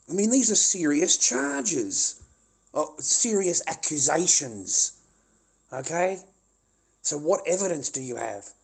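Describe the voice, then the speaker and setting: A man's voice: on the high side, very animated, slow pace, gravelly, slightly rough. A middle-aged man ranting angrily on a livestream, swearing and repeating himself. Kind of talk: angry livestream rant.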